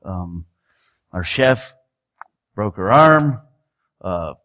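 A man's voice: low-pitched, lively intonation, extremely slow, a bit bright. A man preaching a sermon in a conversational style, building up to emphatic exhortations.

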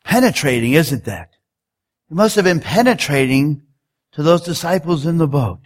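A man's voice: fairly high pitch, expressive, moderate pace. A man preaching a sermon in a conversational style, building up to emphatic exhortations.

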